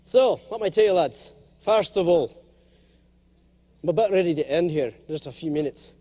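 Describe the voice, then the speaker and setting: A middle-aged man giving a humorous motivational keynote speech to a large conference, jokey and animated, slipping now and then into character voices. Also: a little high, normal speed. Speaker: keynote speaker.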